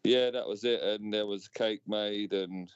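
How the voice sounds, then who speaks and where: Man, low voice, smooth, casual stream chat, dry and dull sound. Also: fairly even intonation, no echo. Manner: laid-back, drawn-out fillers and "mate". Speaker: co-host of a live stream. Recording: dull, dry home recording.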